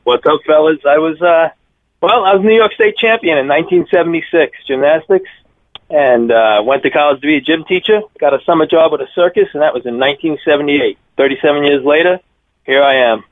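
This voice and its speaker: Brisk and on the high side, with no echo, a fifties-aged Long Island man spins rambling phone-in stories. He's a circus daredevil appearing as a radio guest, an energetic storyteller full of fillers, heard through a tinny phone line.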